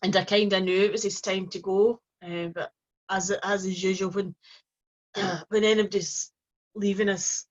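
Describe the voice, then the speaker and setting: Soft-spoken woman telling a story, lo-fi. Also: medium pitch, little pitch movement, moderate pace. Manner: gentle, rambling, with frequent restarts and soft fillers. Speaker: host. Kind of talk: casual personal storytelling to camera. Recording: dull lo-fi recording.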